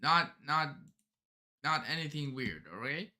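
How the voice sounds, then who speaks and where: A man's voice: fairly high pitch, lively intonation, a little slow, bright, forceful tone. A man hosting a live manga reaction, rambling and often stumbling and restarting his sentences. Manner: rambling, self-interrupting, stumbles over words.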